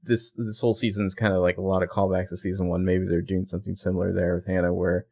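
Gravelly man musing over a TV episode. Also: sits low, little pitch movement, fast talker, a little mellow. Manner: musing, asks lots of questions. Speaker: podcast co-host. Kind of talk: casual chat.

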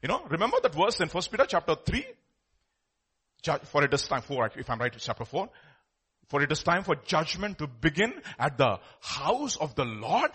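A man preaching a sermon, reading scripture and explaining it, swinging between loud exclamations and quiet asides. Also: a little high, big pitch swings, moderate pace, slightly rough.

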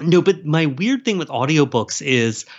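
A man from South Carolina, a guest author chatting in an interview, rambling and animated with lots of fillers and restarts. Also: a little high, normal speed, husky. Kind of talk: casual interview chat. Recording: slightly dull lo-fi sound.

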